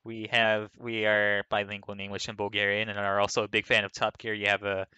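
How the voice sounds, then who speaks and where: A man's voice: fairly low pitch, completely flat delivery, brisk, bright, forceful tone, dry recording. A man playing a text adventure game, reading the story aloud and laughing and swearing at it in casual commentary. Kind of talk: casual let's play commentary. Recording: clear background music.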